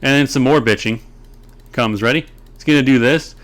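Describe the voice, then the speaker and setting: A man's voice: medium pitch, moderate pace. A man talks through a replay of his card game in casual commentary, ranting and swearing at his opponent's plays. He rambles loosely, trailing off and restarting mid-thought. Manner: frustrated, ranting, profane. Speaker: gameplay commentator. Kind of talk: casual video commentary over gameplay.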